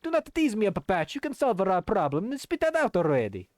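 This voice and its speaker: A man's voice: huge pitch swings, brisk, dry recording. A man voicing a vain, showy male rogue merchant in a put-on Italian accent while playing a video game. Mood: grandiose. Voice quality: high theatrical flourish.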